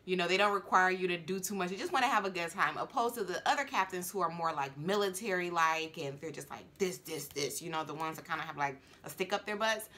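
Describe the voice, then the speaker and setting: A woman's voice: lowish voice, fast talker, few pauses, pushed and bright. A woman who works as a flight attendant, chatting casually in a reaction video with many fillers and laughs.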